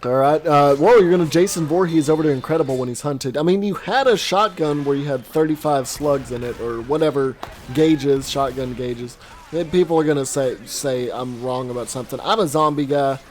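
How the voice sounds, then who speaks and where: A male host gives casual, animated coaching commentary over video-game footage, with quick reactions and self-deprecating asides. His fairly high voice is a little worn and strained from a long recording session, and there's light background noise.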